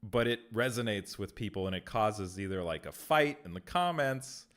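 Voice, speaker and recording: A content creator with a lowish, fairly bright, expressive voice speaks at normal speed while streaming from home. He's chatty, reading the chat aloud, replying to viewers, and laughing easily as he goes.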